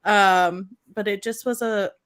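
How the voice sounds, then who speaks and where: A woman co-hosting a live podcast, telling a personal story in casual chat with many fillers and pauses. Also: mid-range voice, steady tone, a bit bright, clean tone. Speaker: podcast co-host.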